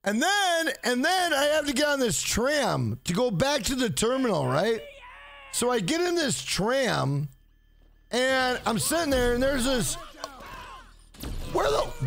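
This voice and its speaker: High, gravelly-voiced hyped male streamer. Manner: profane, hyped, shouts out donors. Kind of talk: live gameplay stream chat.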